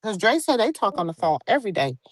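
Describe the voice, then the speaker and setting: A woman's voice: medium pitch, quick pace, no room sound. A middle-aged woman co-hosting a casual late-night chat, telling stories and acting out what people said. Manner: animated storyteller, acts out quotes.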